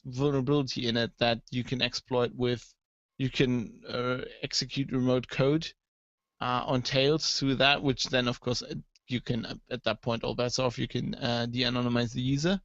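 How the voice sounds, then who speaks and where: Man, casual podcast co-host, lively anecdotes, dry lo-fi sound. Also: mid-range voice, moderate pace, dry recording. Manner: animated storyteller, acts out quoted people, swears. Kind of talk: casual tech podcast chat.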